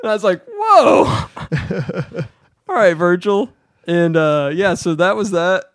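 At a moderate pace, a man co-hosting a podcast tells a story in a casual chat and animatedly voices the quotes with jumps in pitch. His recording is dry and studio-clean.

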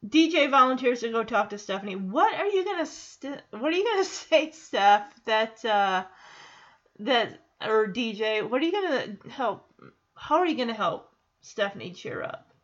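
A woman's voice: a little high, big pitch swings, normal speed, a bit bright, muffled recording. A woman giving a casual, sarcastic recap of a sitcom episode, reading out the characters' lines and laughing often.

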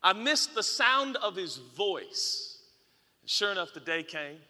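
High bright-voiced man preaching in a hall. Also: big pitch swings, slow. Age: 30s. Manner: storytelling, playful asides to the congregation; swings from hushed to shouting. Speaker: pastor. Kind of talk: sermon. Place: large church auditorium. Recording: reverberant church hall.

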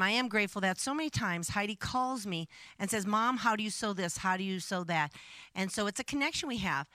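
An older woman sharing a personal testimony in church, with a bright, ringing voice. She speaks earnestly and reflectively, and the recording is dry and close. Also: mid-range voice, no echo. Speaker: pastor's wife.

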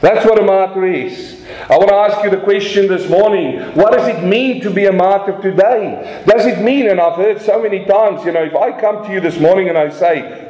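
In a church room full of echo, a pastor with a high-pitched, somewhat dark voice delivers a sermon, spinning dramatic stories and asking his congregation rhetorical questions.

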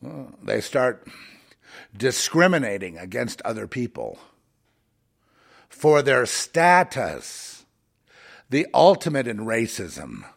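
A man with a gravelly, mid-pitched voice rambles through a monologue. He halts and repeats himself, sinks into low mutters, then climbs into heated, louder stretches. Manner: halting, repeats words, swings from mutters to heated outbursts.

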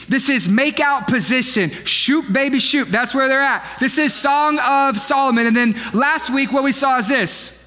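A young man preaching a comedic sermon to a live church congregation, animated and joking, with playful asides to the crowd. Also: extremely high pitch, moderate pace, few pauses. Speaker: pastor. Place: church sanctuary with live audience.

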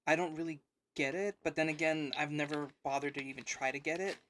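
A man's voice: a little high, steady tone, brisk, fairly bright tone, slight background noise. A man co-hosting a casual podcast, rambling with lots of ums and you-knows. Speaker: podcast co-host. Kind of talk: casual chat.

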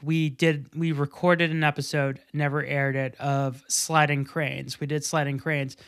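Podcast host, mid-pitched, loose and jokey, rambles through stories. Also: fairly bright tone. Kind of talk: casual podcast chat.

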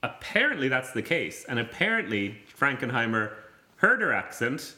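A man's voice: medium pitch, very animated, normal speed, bright, forceful tone, roomy sound. A man hosting a film podcast in casual chat, rambling with fillers and restarts. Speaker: podcast host.

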